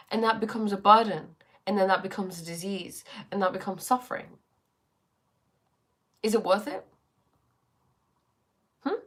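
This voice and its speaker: A woman hosting a live stream as a life coach, chatting casually and reflectively while answering viewer comments. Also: mid-range voice. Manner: reflective, questioning, spiritual talk. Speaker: livestream host and life coach. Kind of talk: casual livestream chat reading viewer comments.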